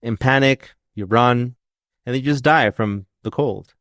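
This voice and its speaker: A man's voice: mid-range voice, a little slow, fairly bright tone, no echo, studio quality. A man co-hosting a podcast in casual conversation, rambling and joking, often restarting his sentences. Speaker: podcast co-host.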